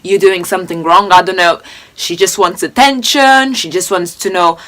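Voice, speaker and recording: A woman's voice: fairly low pitch, moderate pace. Indignant young woman reacting. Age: 20s. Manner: animated, indignant, rambling with restarts. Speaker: reaction video host. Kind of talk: casual reaction commentary.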